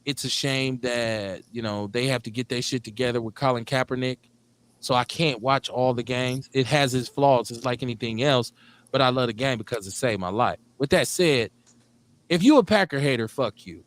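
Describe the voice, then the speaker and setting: A middle-aged man from Milwaukee, hosting a casual radio talk show in an animated, profane way, laughing often. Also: mid-range voice, normal speed. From Milwaukee, Wisconsin. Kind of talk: casual chat.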